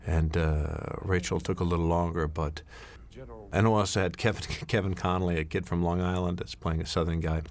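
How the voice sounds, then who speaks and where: Middle-aged man, very low voice, rambling director's commentary with lots of uhs and restarts. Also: level tone, a little fast, a little hiss or hum. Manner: rambling, anecdotal, many fillers and restarts. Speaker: film director. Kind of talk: DVD commentary.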